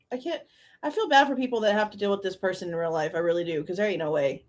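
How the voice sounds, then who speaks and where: A woman's voice: on the low side, moderate pace. A woman hosting a live true crime stream, reacting with exasperated, sarcastic commentary, often laughing and swearing.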